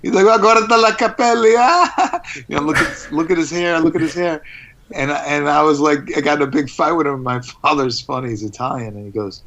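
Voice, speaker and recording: A man telling stories as a guest in a casual interview, rambling and animated, with restarts. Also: on the high side, a little fast. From United States.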